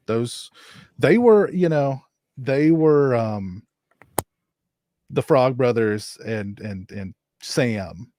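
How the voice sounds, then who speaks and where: A man's voice: medium pitch, a little mellow, dry recording. Rambling young man, dry sound. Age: young adult. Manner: rambling, many restarts. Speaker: podcast guest. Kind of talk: casual chat.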